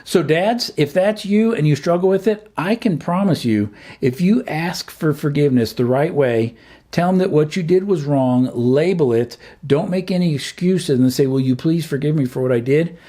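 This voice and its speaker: A man's voice: on the high side, animated, moderate pace, warm tone. A middle-aged man hosting a family advice talk, speaking earnestly and plainly with frequent filler words. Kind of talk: direct-to-camera advice talk.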